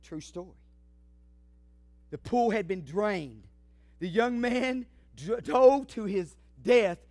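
Pastor preaching hard, really high voice, dry close sound, shouts then goes quiet. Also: male voice, dry recording. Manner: fiery preaching, swinging from shouts to hushed asides. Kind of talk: sermon.

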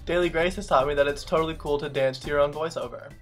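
A man's voice: fairly high pitch, steady tone, quick pace, few pauses, faint music behind. A young man hosting a comedic vlog, sarcastic and self-mocking, swearing freely. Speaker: vlogger.

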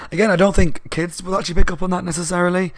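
A man giving a casual spoken book review, talking fast and loud and rambling along with asides. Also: sits high, little pitch movement, no room sound, clean studio sound.

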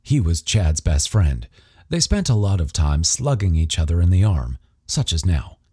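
A man narrating an audiobook in an expressive storytelling manner. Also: low voice, normal speed, husky, dry recording, studio quality. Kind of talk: scripted narration.

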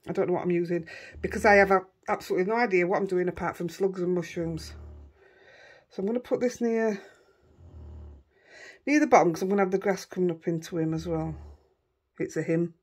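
Yorkshire lady chatting while she stamps cards at home, a bit husky, kinda low, rambles and laughs at herself. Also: a little fast, pauses often. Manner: rambling, self-deprecating, thinking aloud. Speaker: craft vlogger. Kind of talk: casual crafting chat. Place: home craft room.

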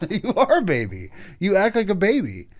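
A man on a podcast in casual chat, teasing his co-host with quick comebacks. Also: high voice, wildly swooping pitch.

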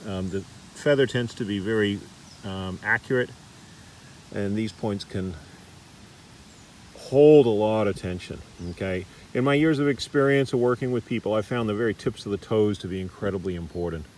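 A middle-aged Australian man demonstrating massage techniques in a relaxed, chatty way, recorded in a park. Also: lowish voice, normal speed, a little hiss or hum. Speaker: massage teacher. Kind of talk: casual demonstration. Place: park outdoors.

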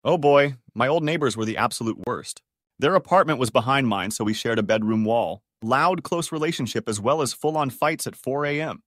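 A man's voice: mid-range voice, fairly quick, fairly bright tone, no echo. Man reading stories in a dry voice. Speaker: narrator. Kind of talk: scripted narration of online stories.

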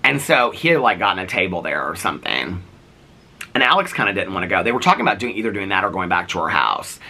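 A man's voice: low-pitched, fast, breathy edge. A man in his forties, chatting casually to camera as a vlogger, full of fillers and acting out the people he quotes. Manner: animated, voices people he quotes.

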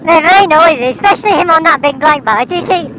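A man's voice: extremely high pitch, quick pace, pitched above the performer's own voice, low-quality recording. A man voicing a prim, gossiping older lady with a plummy, fussy voice, recorded on a moving motorcycle. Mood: scandalised. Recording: loud wind and road noise.

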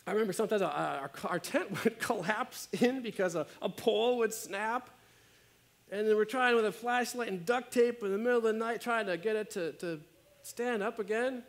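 A man delivers a sermon in a relaxed, conversational style, often tossing in "right?" to his listeners. His voice sits a bit high and moves around a lot. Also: normal speed. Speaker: pastor. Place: church.

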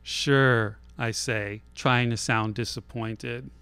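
Man, live stage storytelling, wry, self-deprecating, slow unhurried delivery, smooth clean voice. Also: medium pitch, lively intonation, fairly bright tone, no room sound. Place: theater stage, live show.

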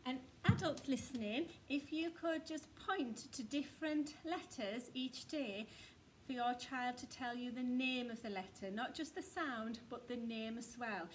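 A woman teaching a phonics lesson to young children, slow, sing-song and encouraging. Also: on the high side, a little hiss or hum.

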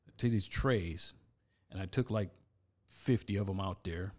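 Dark-voiced man telling a wild story. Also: low-pitched, measured pace. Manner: animated storyteller, laughs through his tale. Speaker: podcast guest. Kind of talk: casual storytelling. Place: podcast studio.

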